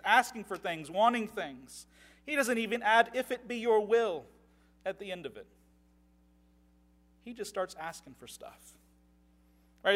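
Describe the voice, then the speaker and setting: A man's voice: high voice, fairly bright tone. A man preaching a sermon, reading scripture passages aloud with rising force and often checking in with "right?".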